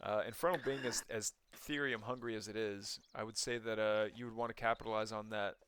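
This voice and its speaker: A man giving relaxed color commentary on a strategy game match, often hesitating and hedging his opinions. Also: lowish voice, brisk, clean tone. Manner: relaxed, hesitant, many ums and likes. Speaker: co-caster.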